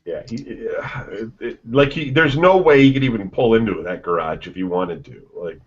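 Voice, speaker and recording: Lower-voiced, halting male podcast host. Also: slightly rough. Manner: halting, repeats words. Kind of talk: casual banter among friends. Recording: dull lo-fi podcast audio with faint noise.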